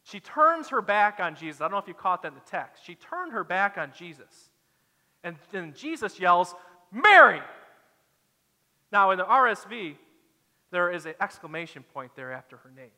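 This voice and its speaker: A man's voice: sits high, very animated, moderate pace, sharp tone, long reverb tail. A man preaching a sermon as a pastor, dramatic and acting out the quoted lines.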